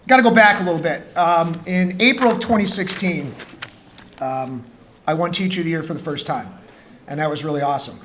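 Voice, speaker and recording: A man, a high school teacher, telling a humorous personal story to students in a school gym, acting out the dialogue. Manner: joking, animated storyteller who acts out dialogue.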